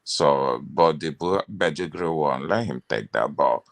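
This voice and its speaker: A man's voice: extremely low pitch, unhurried. A man arguing his views animatedly in a casual political discussion. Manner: animated, opinionated, interrupts often. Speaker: panelist.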